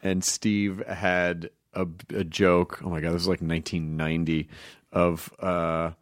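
A man hosting a comedy podcast from a studio, bantering quickly and teasing his co-hosts. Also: low voice, level tone, no room sound. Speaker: podcast host.

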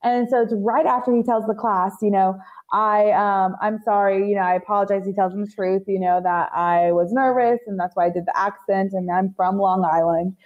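A woman co-hosting a podcast in casual chat, laughing often and quoting characters with animated delivery. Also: medium pitch, moderate pace, few pauses, phone-quality sound. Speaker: podcast co-host.

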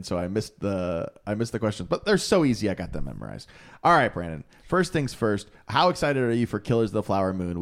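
Lower-voiced man joking on a podcast. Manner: joking, quick to laugh, reacts with short interjections. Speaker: podcast co-host. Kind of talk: casual chat.

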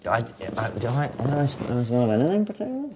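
A man's voice: medium pitch, huge pitch swings, normal speed, noisy background. A man talking as a guest in a casual interview, wry and amused. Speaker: actor guest.

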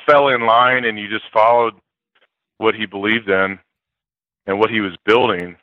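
Lively older man telling stories. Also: on the low side, moderate pace, dry recording, muffled recording. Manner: animated storyteller, acts out quotes loudly, laughs often. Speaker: former college football player, guest. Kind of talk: interview storytelling.

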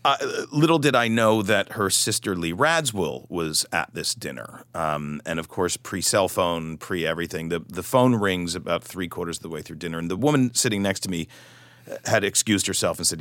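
A middle-aged man with a low, deep voice tells his story as an interview guest. He is animated and self-deprecating and restarts his sentences often. His voice is recorded dry and close, with no room sound. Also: brisk, no echo. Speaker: guest, author.

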